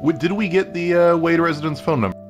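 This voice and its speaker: A man's voice: fairly high pitch, fast talker, over music. Practical man reading game steps. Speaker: podcast co-host. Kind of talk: let's play commentary.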